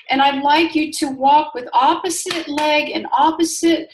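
A woman healer leading a guided healing session, speaking slowly and soothingly, repeating phrases. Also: high-pitched, steady tone, a little hiss or hum, poor audio. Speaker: energy healer.

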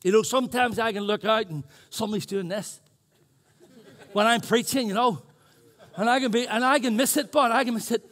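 A man's voice: high-pitched, a little fast, fairly bright tone. A male pastor preaching a sermon in church, earnest and chatty, telling stories. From New Zealand. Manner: earnest, chatty, self-deprecating storytelling.

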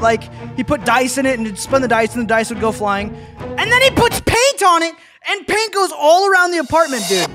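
A young man giving casual reaction commentary on memes, excitable and slangy, calling everyone dude. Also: very high voice, fairly quick, over music.

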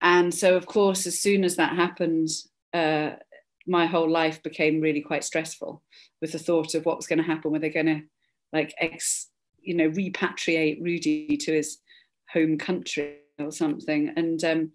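A woman's voice: low voice, normal speed. Chatty middle-aged woman from Scotland. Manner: chatty, animated storyteller, acts out quoted voices. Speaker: interview guest. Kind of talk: casual storytelling.

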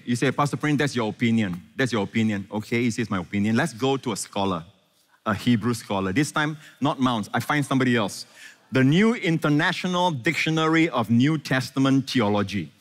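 A man's voice: mid-range voice, a bit bright. Male pastor, mid-range voice, engaging call-and-response sermon, recorded in a reverberant church hall. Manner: engaging, quizzes the congregation with quick questions. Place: large church hall before a congregation. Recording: echoey hall.

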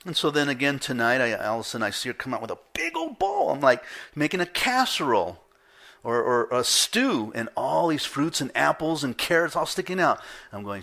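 Man, pastor, sermon, animated storyteller, forceful bright voice, middle-aged. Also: medium pitch, normal speed. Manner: animated storytelling, acting out his own reactions with laughs. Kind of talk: sermon with personal stories. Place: church.

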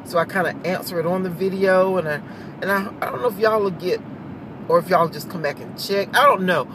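Woman vlogger, chatty and rambling, recorded on a phone in a car with clear road noise behind. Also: on the low side, fairly quick. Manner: rambling, chatty, laughs often. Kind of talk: casual chat. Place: in a car in traffic.

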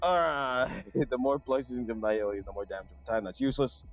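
A young man commenting casually on a video game he is playing, swearing a lot and switching between flat muttering and loud outbursts. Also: medium pitch, fairly quick. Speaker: gamer streamer. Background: game music.

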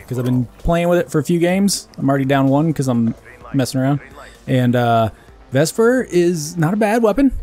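A man's voice: medium pitch, warm tone, no echo. A man hosting a gaming channel, giving casual, joking commentary while he plays and swearing when things go wrong. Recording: faint noise with game gunfire behind.

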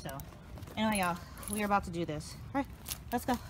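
A woman's voice: mid-range voice, expressive, fast, background noise. A woman chatting casually to her viewers as she walks her dogs and talks to them, calling the audience y'all. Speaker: vlogger walking her dogs. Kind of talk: casual vlog chat. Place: outdoors on a hiking trail, then a home yard.

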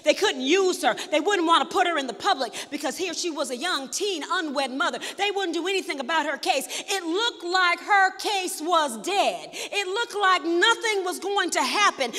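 High, bright-voiced woman preaching. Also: lively intonation, normal speed, hardly any pauses, faint music behind. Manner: storytelling preacher who builds to shouted emphasis. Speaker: pastor. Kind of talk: sermon. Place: large hall at an in-person worship service. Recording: reverberant worship hall.

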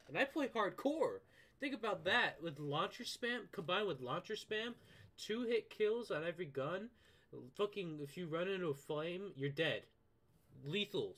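A man's voice: high-pitched, lively intonation, normal speed, a bit bright. A man ranting about a video game, swearing constantly in a heated, exasperated way. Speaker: gaming vlogger. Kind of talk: profane gaming rant.

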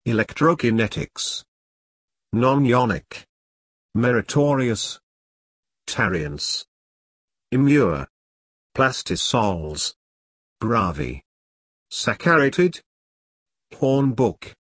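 A man reading single vocabulary words one at a time, slow and deliberate, for pronunciation practice. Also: medium pitch, a bit bright, breathy edge, no echo. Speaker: vocabulary reader.

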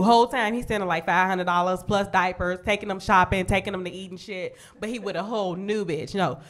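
A young adult woman with a Chicago accent doing a profane stand-up comedy set on a club stage, brash and quick to jump into high squealing voices for the people she quotes. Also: steady tone, a bit bright.

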